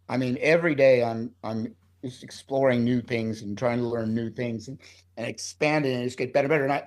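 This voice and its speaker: A middle-aged man, a screenwriter being interviewed, talking in a heated, profane, rambling way. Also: medium pitch. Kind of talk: casual interview talk.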